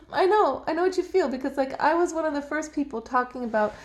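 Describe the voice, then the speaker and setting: High-voiced, laughing middle-aged woman. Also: moderate pace. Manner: animated, laughs often, acts out quoted people. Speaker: host. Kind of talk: casual direct-to-camera talk. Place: home, emptied out.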